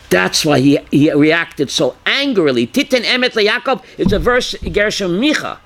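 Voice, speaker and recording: A man leading a Torah class, his high voice leaping up and down as he quizzes listeners by name. He has a bright, forceful edge and pushes hard when he wants a point to land. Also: very animated, normal speed, hardly any pauses. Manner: calls on listeners by name, asks questions, bursts loud. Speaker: rabbi teaching a class.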